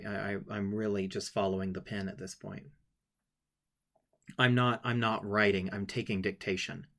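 A man with a fairly low voice speaks haltingly, stumbling over his words and restarting often. He is tearful as he shares a personal story, and he guides listeners through a writing exercise. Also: creaky, fairly bright tone. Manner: halting, emotional, many restarts. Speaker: writing workshop leader.

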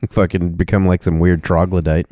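Co-host, male, low smooth voice, dry close mic, relaxed wry storytelling. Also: moderate pace, no room sound. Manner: loose storytelling with wry asides. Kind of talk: casual comedic news chat.

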